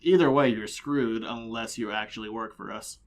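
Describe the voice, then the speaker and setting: A man co-hosting a podcast, chatting casually and jokily as he recaps a comic, sometimes acting out the characters' lines. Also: lowish voice. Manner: jokey, acts out character lines in quick voices. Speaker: podcast co-host.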